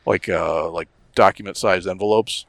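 A man's voice: sits low, fairly even intonation, normal speed, creaky, a bit bright, dry recording. A middle-aged man co-hosting a casual podcast, telling a story in a profane, worked-up rant. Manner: profane, ranting storyteller who gets worked up. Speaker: podcast co-host.

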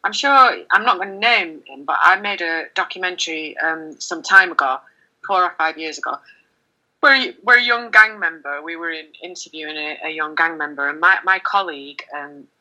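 A middle-aged woman journalist speaking candidly in an interview, animated, with many fillers and restarts. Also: low-pitched, normal speed, low-quality recording. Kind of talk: conversational interview.

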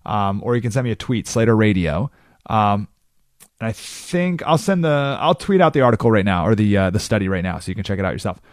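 A man hosting a talk radio show, explaining ideas in a monologue and acting out the people he quotes in quick character voices. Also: lowish voice, expressive, no room sound, studio quality. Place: radio studio.

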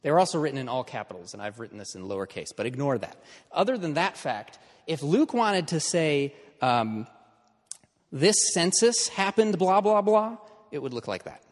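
A man's voice: mid-range voice, big pitch swings, fairly quick, long reverb tail. A man teaching an in-person class in a conversational lecture style, checking in with his students as he explains.

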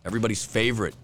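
A man's voice: fairly low pitch, fairly bright tone. A man hosting a pub trivia podcast who announces each question, repeats it and jokes between rounds. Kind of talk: casual podcast quiz announcing.

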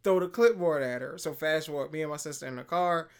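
Animated young man telling a story. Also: on the high side, fast talker, clear, resonant tone. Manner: animated, acts out quoted voices, laughs often. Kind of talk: casual storytelling chat.

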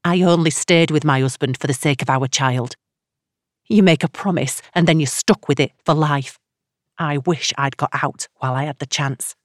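A woman's voice: deep voice, moderate pace, no echo, studio quality, lightly acted. A woman narrator voicing a shaky, bitter middle-aged woman calling a radio advice show, her tone brittle and snappish. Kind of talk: audiobook character reading.

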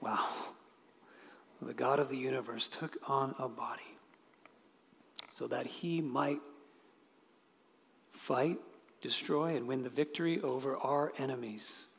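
A male pastor giving a sermon. He swings from loud, emphatic declarations to hushed, near-whispered lines, with conversational asides and light laughs. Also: medium pitch, slow pace, vocal fry, pauses often, long reverb tail, slight background noise.

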